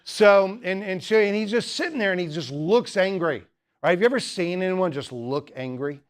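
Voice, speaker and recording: A man's voice: high voice, expressive, normal speed. A man giving a humorous teaching talk at a student apologetics club, rambling with many jokes and asides.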